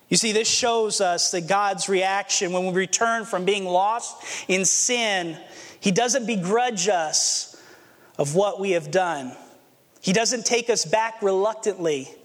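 A pastor preaching a sermon, earnest and storytelling, acting out the scenes he describes. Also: sits high. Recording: long hall reverb.

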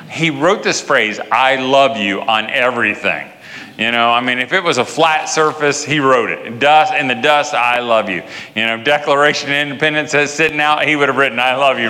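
A middle-aged man telling a family story in a sermon, animated, his voice climbing high when he gets worked up. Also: in a large hall. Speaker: speaker at church.

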